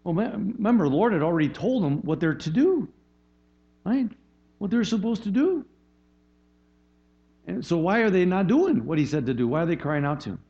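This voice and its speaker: A man's voice: sits high, sing-song, moderate pace, pauses often, dark tone, highs cut off. A man preaching a sermon as a pastor, in a conversational way, often checking in with "right?" and restarting his phrases.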